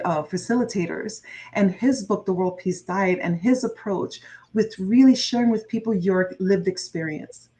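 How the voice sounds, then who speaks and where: A woman's voice: mid-range voice, darkish tone, poor audio. A woman guest coach speaking earnestly and from the heart in an interview, repeating key phrases for emphasis. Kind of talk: conversational interview.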